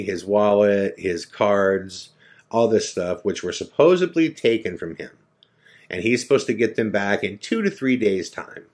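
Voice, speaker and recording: Lively low-voiced man telling a story. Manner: animated storyteller, acts out quoted dialogue. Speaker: podcast host.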